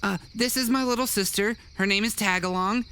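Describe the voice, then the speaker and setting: A man's voice: brisk, background noise. A man voicing an eager young boy bunny who is an archer, in a tabletop game. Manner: bright, chipper and very high.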